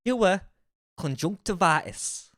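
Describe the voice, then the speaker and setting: A woman's voice: fairly low pitch, lively intonation, slow, dry recording, clean studio sound. A woman streamer chatting casually and playfully repeating words in mock accents. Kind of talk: casual livestream chat, imitating accents.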